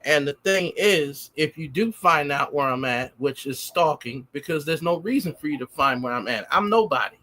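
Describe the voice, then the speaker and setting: A man's voice: on the high side, animated, normal speed, hardly any pauses, sharp tone. A man who is a guest on a livestream, talking in a defensive, aggrieved and rambling way. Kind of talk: casual livestream talk.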